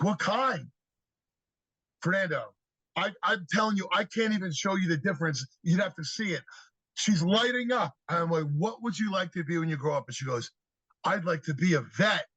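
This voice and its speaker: A man with a fairly high, husky voice tells stories on a podcast, acting out the children he talks to. The sound is dry and a little dull, like a simple podcast setup. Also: no echo. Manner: animated storyteller, acts out kids' answers. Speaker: podcast guest, youth speaker. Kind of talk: storytelling interview talk.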